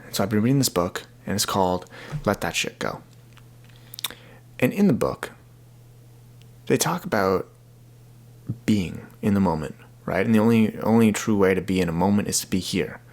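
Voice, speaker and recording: Young guy doing a solo podcast, gravelly voice, kinda low, rambly and earnest, repeats himself a lot. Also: expressive, moderate pace, pauses often. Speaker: podcast host. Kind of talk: casual solo podcast monologue.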